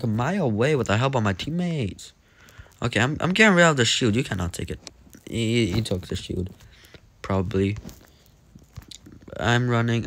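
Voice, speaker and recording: A young man giving casual, jokey commentary while he plays a game, talking to himself as he goes. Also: lowish voice. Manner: animated, jokey, talks to himself while playing. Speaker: gaming commentator.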